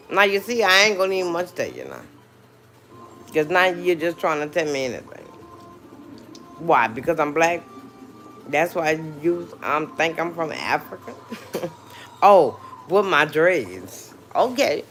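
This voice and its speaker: A livestream host from New Orleans, Louisiana, chats casually with her viewers in a low voice, with a little hiss or hum in the background. She drawls in her New Orleans accent and drops frequent mm-hmms.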